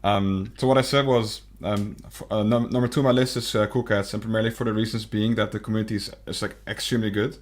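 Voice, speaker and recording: This young podcast co-host has a fairly low voice and fairly even intonation, and he talks fast with hardly any pauses. The conversation is casual, but he's hesitant, stammering into restarts and leaning on plenty of "um" and "like."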